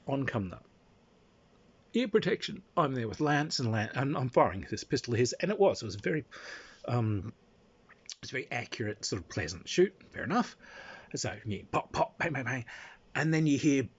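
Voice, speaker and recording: A man's voice: medium pitch, big pitch swings, moderate pace, pauses often, slightly rough. A man telling a casual spoken anecdote, rambling along with fillers and restarts. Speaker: storyteller. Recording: dull lo-fi recording.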